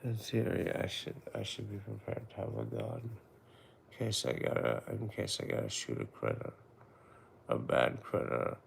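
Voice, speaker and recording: Male streamer, late night at home: lowish, gravelly, lively pitch, rambling and soft-spoken with his pets. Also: moderate pace, slight background noise. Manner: rambling, murmurs and half-whispers to his pets. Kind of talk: late-night casual livestream chat. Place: home at night, woods outside.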